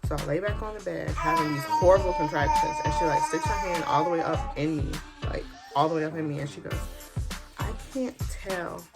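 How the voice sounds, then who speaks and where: A young woman telling a casual, lively story while doing her makeup, slipping into colloquial speech and acting out the people she quotes. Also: low-pitched, quick pace, few pauses, loud music behind the voice. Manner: animated, colloquial, acts out quotes. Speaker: beauty vlogger.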